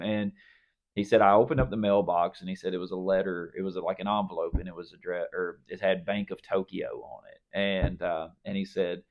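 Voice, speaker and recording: A man's voice: low-pitched, fairly even intonation, brisk, muffled recording. A man on a church podcast, telling a story in a casual, rambling way with many fillers and restarts. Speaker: podcast co-host. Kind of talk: casual faith podcast chat.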